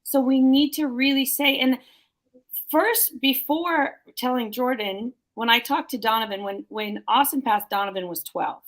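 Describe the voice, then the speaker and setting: A woman's voice: on the high side, measured pace. A bereaved mother telling her story in a heartfelt, emotional way during a discussion. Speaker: bereaved mother sharing experience.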